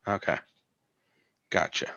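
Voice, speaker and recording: A man talking casually as a guest, animated, filling his talk with "like". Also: takes it slowly, dry recording, muffled recording. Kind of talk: casual chat.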